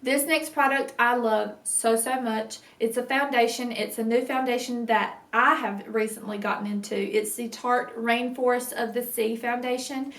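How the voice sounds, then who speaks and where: A woman's voice: fairly high pitch, fairly even intonation, moderate pace, hardly any pauses, fairly bright tone. Chatty woman with a country twang. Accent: rural American. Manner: chatty, rambling, enthusiastic. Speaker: beauty vlogger. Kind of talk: casual product review chat. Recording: roomy echo, mic at a distance.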